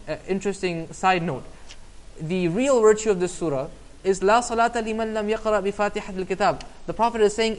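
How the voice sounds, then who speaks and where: A man giving a casual Islamic class online, conversational and often asking "right?" to check in. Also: sits high. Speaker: Islamic teacher.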